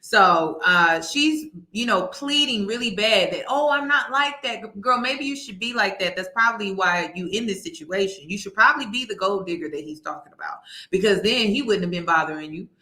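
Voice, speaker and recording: A woman hosting a reaction commentary, animated, laughing and restarting her sentences. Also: medium pitch, fairly quick, hardly any pauses, echoey room. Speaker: commentary host.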